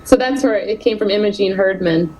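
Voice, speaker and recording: A woman author in her thirties chatting in an interview, animated and quick to laugh. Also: mid-range voice, slight background noise, rough recording. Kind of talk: casual interview chat.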